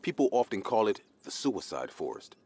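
A man voicing a cautious young village boy in an animated horror story, with a husky tone. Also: on the low side, moderate pace, heavily acted. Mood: explaining.

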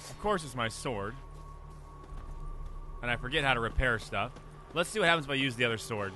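A man chatting through a video game playthrough, cracking jokes and bantering with the characters on screen. His voice is of middling pitch for a man. Game music plays clearly underneath his talk. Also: animated, fairly quick. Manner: joking, chatty, talks back to game characters. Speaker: gameplay commentator. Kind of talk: let's play commentary.

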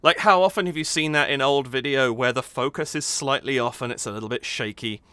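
A man's voice: medium pitch, brisk, smooth, no echo. A man hosting a reaction video, talking enthusiastically and laughing often as he comments on a song. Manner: animated, enthusiastic, laughs often, hums rhythms. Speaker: host reacting to a music video.

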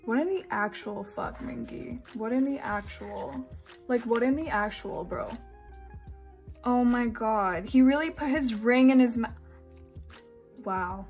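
Giggly young woman gushing, slow-talking. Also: gravelly, darkish tone, soft background music. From Singapore. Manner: giggly, gushing, breaks into high squeals. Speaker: vlogger unboxing albums. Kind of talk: excited casual chat.

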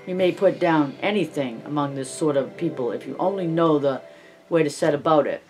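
A man's voice: a little high, fairly quick, a little mellow, soft background music, close to an everyday voice. A man reading an audiobook, voicing a pompous, self-satisfied male alderman who talks down to the poor. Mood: smug. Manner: self-satisfied, patronizing, chuckling.

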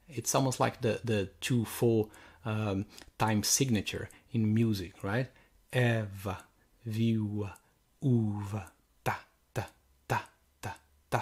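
Slow, husky-voiced male lecturer. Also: fairly low pitch. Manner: slow and halting, many fillers and restarts. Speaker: university language lecturer. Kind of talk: recorded sample lecture.

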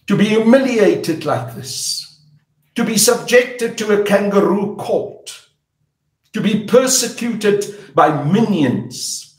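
Older South African man, angry and defiant, high voice, slow emphatic delivery, echoey room. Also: expressive. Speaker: politician. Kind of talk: angry public statement.

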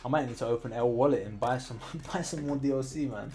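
A man's voice: mid-range voice, quick pace, soft background music. Chatty British man muttering over a game. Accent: British English. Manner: chatty, drops into quiet muttering while working. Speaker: gaming streamer. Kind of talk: casual commentary while playing.

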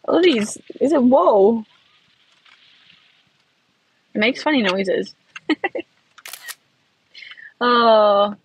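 A young woman from Australia with an Australian accent, chatting bubbly and excited on a live stream from her phone in a car. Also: a little high, extremely slow, pauses often, a little hiss or hum, low-quality recording. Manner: bubbly, gasping and laughing at gifts, many "like"s. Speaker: livestreamer. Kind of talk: casual live stream chat.

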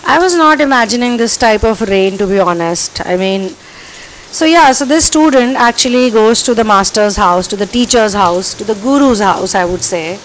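At home, a woman who works as a spiritual counselor and hosts a channel tells a spiritual story in a warm, chatty, conversational way. Her medium-pitched voice is expressive and moderately paced, with a little hiss or hum in the audio.

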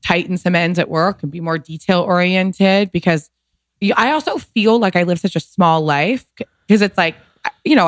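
A woman's voice: on the low side, no echo, clean studio sound. A woman in her thirties, a podcast guest, telling a personal story candidly, emotional and rambling, saying "like" often. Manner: emotional, rambling, heavy use of "like".

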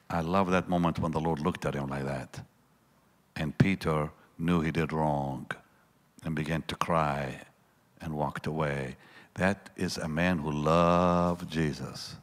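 A man preaching a sermon, swinging between loud bursts and hushed lines and acting out the voices in his story. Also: sits low. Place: large church hall. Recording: long church reverb.

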